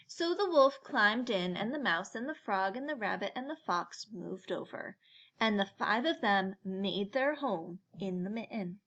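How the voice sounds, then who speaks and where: A woman reading a children's picture book aloud in a slow, gentle storytelling manner. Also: medium pitch, animated, muffled recording.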